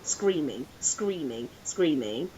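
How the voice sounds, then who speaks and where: A woman co-hosting a podcast, her voice sitting on the lower side. She tells her story with animation, acting out the voices of the people she quotes. A faint low rumble runs behind her. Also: animated, slow pace, warm tone, lo-fi sound. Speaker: podcast co-host. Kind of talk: casual podcast chat.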